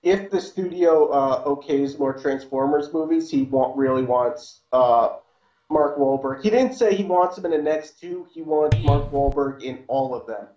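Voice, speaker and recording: A man's voice: mid-range voice, moderate pace, mellow. Man on a roomy, dull-sounding mic. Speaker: podcast co-host. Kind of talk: casual gaming podcast chat. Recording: roomy, dull audio with faint background hiss.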